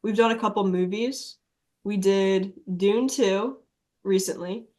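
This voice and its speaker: A woman's voice: medium pitch, slow, a little mellow. A woman musician guesting on a podcast, blunt and swearing freely, laughing through her stories. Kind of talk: casual chat.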